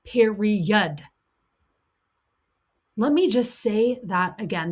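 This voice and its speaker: A woman coach gives an earnest teaching talk, repeating key points for emphasis and voicing the harsh inner critic. She shifts into a soft, soothing tone for self-kindness, in a mid-range, expressive voice at a slightly slow pace.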